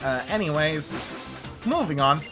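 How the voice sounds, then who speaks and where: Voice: medium pitch, lively intonation, unhurried, over music. A streamer chatting casually during a video game stream, rambling and swearing, often laughing. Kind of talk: casual gaming stream chat.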